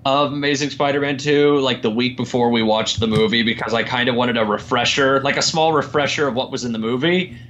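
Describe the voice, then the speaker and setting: A man in casual podcast chat, ranting about films with lots of energy and laughing as he talks. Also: a little hiss or hum. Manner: animated, laughs often, mimics people in a slow low drawl. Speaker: podcast guest. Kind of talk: casual chat, movie rant. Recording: dull lo-fi audio.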